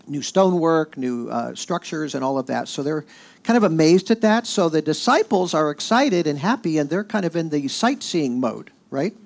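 A man preaching a sermon in a conversational, animated way. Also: a little high, gravelly. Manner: conversational, with fillers and animated quoting. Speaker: pastor.

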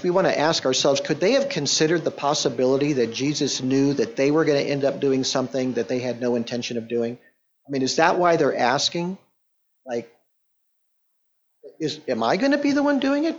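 A man preaching a verse-by-verse Bible teaching in a conversational, explaining way, often acting out the quoted lines. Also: medium pitch. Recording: dull lo-fi sound.

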